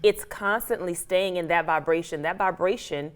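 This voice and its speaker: A woman with an American accent, an actress and author telling her story as an interview guest, animated and acting out her own past thoughts. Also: lowish voice, moderate pace. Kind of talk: casual interview talk.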